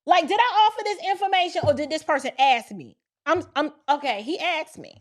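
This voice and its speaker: Woman from Georgia, animated storyteller, acts out dialogue, slightly high voice. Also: a little fast. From Georgia, near Atlanta. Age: adult with children. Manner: lively, quotes people in dialogue, addresses listeners as y'all. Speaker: storyteller recounting an encounter.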